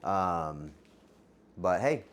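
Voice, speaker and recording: A man's voice: deep voice, expressive, very slow. A man hosting a live cooking stream, chatting with viewers in a playful, teasing way. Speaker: streamer, cooking show host.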